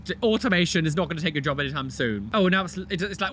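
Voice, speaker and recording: A young man hosting a reaction video, reacting to clips in casual commentary with animated, disgusted exclamations. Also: fairly high pitch, fast talker, music in the background.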